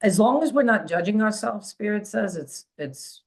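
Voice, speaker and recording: A woman's voice: mid-range voice, lively intonation, normal speed. A woman hosting a spiritual podcast as a psychic medium, talking casually with many fillers and restarts.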